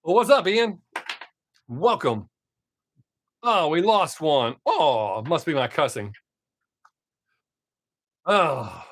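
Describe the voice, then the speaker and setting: A man's voice: a little high, very animated, slow, long pauses, fairly bright tone, dry recording. A man hosting his own live stream, chatting casually with viewers, reading their comments and swearing freely. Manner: profane, laid-back, talks to chat viewers by name.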